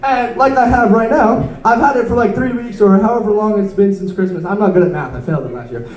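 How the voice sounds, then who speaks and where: High-voiced young comic rambling on stage. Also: male voice, quick pace, crowd noise. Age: late teens. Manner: rambling, self-deprecating, stumbling delivery. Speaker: stand-up comedian. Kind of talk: stand-up set. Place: comedy club stage. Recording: roomy club sound from far off.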